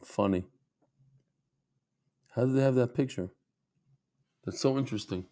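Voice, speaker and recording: A man teaching a Talmud class, telling stories with animated asides and acted-out voices. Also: medium pitch, a little slow. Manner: animated storytelling, acts out voices, laughs.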